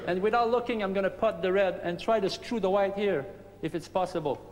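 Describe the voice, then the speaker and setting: A man who learned English late, explaining and setting up his trick shots in plain, halting English. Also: sits high. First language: not English. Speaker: trick shot player. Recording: reverberant hall with faint hum.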